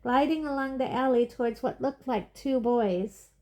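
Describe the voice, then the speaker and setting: A woman's voice: sits high, normal speed, dark tone, voice pushed up, close to an everyday voice. A woman reading aloud, voicing a nervous, flustered elderly woman with a quavery voice who gabbles her words.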